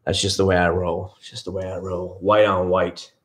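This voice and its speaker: A man's voice: low-pitched, little pitch movement, moderate pace, a little hiss or hum. A man hosting a casual livestream from home, rambling and answering viewers' comments by name. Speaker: livestream host. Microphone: headset.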